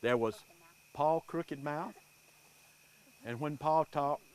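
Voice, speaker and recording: A man telling folk tales and superstitions to a live audience in an unhurried, animated way. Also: on the high side, slight background noise. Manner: unhurried, animated, folksy delivery. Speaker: storyteller.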